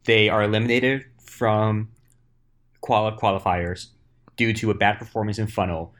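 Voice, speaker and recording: A man's voice: on the low side, fairly even intonation, normal speed, fairly bright tone. A young man co-hosting a podcast, chatting casually with teasing, dry humor. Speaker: podcast co-host. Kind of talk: casual chat.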